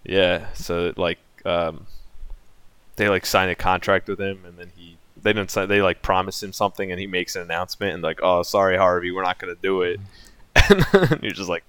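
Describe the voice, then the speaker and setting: Laid-back low-voiced man, dry sound. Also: normal speed, fairly bright tone, clear, resonant tone, dry recording. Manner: laid-back, laughs often, lots of likes. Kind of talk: casual chat.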